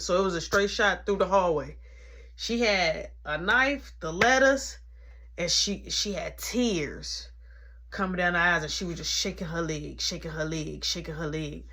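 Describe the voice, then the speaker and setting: A young man tells a personal story casually, playing out each person in it. His voice is fairly high and swings widely in pitch. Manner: animated, acting out the people in the story.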